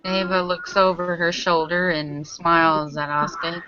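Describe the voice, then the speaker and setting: A woman playing a tabletop game, calmly narrating her character over voice chat. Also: on the low side, normal speed, muffled recording. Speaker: player.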